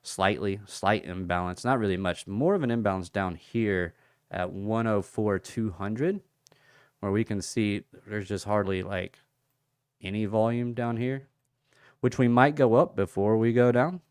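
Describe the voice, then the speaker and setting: A man with a lowish, smooth and clear voice hosts a relaxed livestream, taking his time as he greets viewers by name and thinks aloud over price levels. The sound is dry and close, with no room around it. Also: a little slow, dry recording. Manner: chatty, reads out viewer comments and thinks aloud. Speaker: crypto livestream host. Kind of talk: casual livestream chart analysis.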